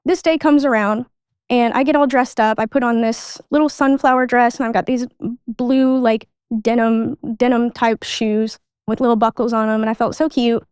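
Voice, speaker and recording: A woman's voice: fairly high pitch, steady tone, moderate pace, darkish tone, clear, resonant tone, dry recording, studio quality. A woman guest recounting her childhood in casual conversational speech, with lots of "like" fillers. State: adult. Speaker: podcast guest. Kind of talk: personal storytelling.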